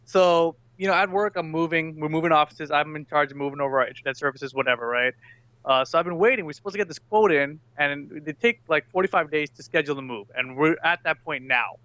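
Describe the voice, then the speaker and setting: Bright-voiced man telling a story on a podcast. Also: a little high, quick pace, dry recording, dull audio. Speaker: podcast guest. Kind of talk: casual chat.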